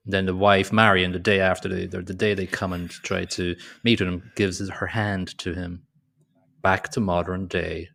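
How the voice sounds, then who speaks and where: A man's voice: deep voice, little pitch movement, moderate pace, creaky, a bit bright. A man co-hosting a casual movie podcast, rambling through the plot and laughing as he goes. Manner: rambling, laughs often, quotes characters in mock voices. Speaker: podcast co-host. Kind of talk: casual movie review chat.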